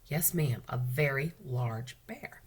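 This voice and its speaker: A woman librarian reading a children's book aloud, with expressive, unhurried storytelling. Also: very deep voice, slight background noise.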